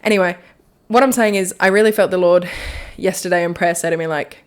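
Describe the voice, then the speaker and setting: A woman's voice: on the low side, steady tone, brisk. A young woman hosting a solo faith podcast, talking in a rambling, chatty way and laughing at herself. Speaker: podcast host. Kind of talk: casual solo podcast reflection.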